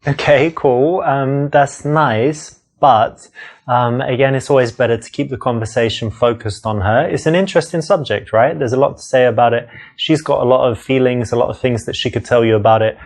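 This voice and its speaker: A man's voice: mid-range voice, moderate pace. A man giving frank, matter-of-fact commentary as a dating coach, explaining what went wrong. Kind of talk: instructive commentary.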